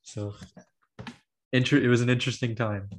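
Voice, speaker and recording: A man's voice: medium pitch, steady tone, moderate pace, slight background noise. A man hosting a podcast, telling a long story in casual chat, with lots of filler words and quoted dialogue. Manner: rambling storytelling full of "like" and acted quotes. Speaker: podcast host.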